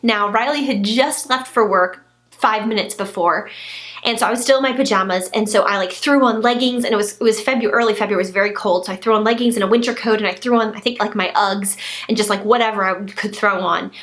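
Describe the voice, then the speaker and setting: A woman in her twenties telling a personal story to camera as a vlogger, gushing and animated, with many fillers and restarts. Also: mid-range voice, quick pace. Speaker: lifestyle vlogger.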